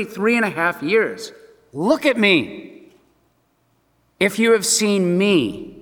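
A man preaching a sermon, emphatic and impassioned, with dramatic pauses. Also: high voice, fairly bright tone, in a large hall.

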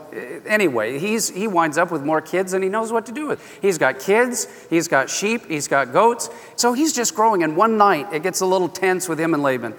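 A man preaching a sermon, telling a scripture story in an animated, folksy way that often breaks off mid-phrase. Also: high voice. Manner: animated, folksy, self-interrupting. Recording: long echo of a large hall.

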